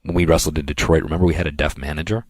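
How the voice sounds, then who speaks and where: A man co-hosting a podcast, telling long rambling anecdotes in a casual chat and slipping into quick impressions of other people. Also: a bass voice, fairly even intonation, darkish tone. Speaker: podcast co-host.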